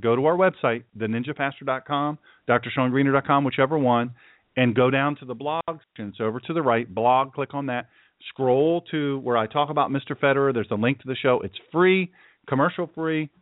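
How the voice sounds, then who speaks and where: A man who is a pastor hosting his own show, preaching forcefully and emphatically, often repeating himself for effect. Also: mid-range voice, dry recording. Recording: dry, tinny phone-like sound.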